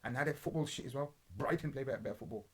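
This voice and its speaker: Fast-talking husky young man. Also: medium pitch. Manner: blunt, rambling, sweary banter with street slang. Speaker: podcast host. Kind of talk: casual football watch-along commentary.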